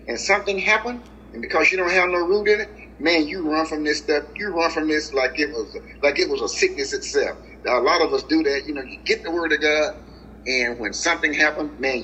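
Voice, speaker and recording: A preacher delivering a sermon, drawing out scripture verses slowly and calling his listeners family and guys. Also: dull audio, a little hiss or hum. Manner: animated, with swings of pitch and slow drawn-out scripture reading. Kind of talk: sermon, reading and explaining scripture.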